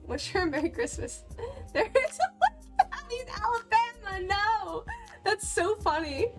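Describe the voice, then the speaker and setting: A woman's voice: very high-pitched, a bit bright. A young woman chatting casually on a livestream, bubbly and giggly, laughing often between lines. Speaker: cosplay livestreamer.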